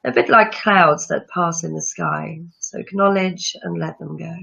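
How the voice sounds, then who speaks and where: A woman yoga teacher leading a guided breathing meditation with slow, soothing instructions. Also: lowish voice, fairly even intonation, creaky, a bit bright, husky. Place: room with chairs, not a studio. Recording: dull lo-fi sound.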